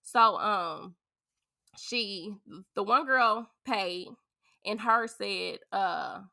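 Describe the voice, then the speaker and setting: A woman from St. Louis, a podcast guest and beauty business owner, telling a story in a chatty, animated way. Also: medium pitch, drawn-out words, gravelly. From St. Louis, USA. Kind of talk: casual storytelling.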